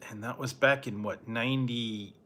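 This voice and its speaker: Bright-voiced middle-aged man rambling casually. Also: medium pitch, fairly even intonation, moderate pace. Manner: rambling, laid-back storytelling with soft chuckles. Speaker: food review channel host. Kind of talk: casual late-night live-stream chat.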